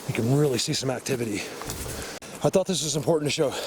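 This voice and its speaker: A man's voice: medium pitch, fast, background noise. Breathless man vlogging outdoors. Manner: excited and rambling, talks straight to viewers. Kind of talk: casual handheld walking vlog. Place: outdoors in hilly woods.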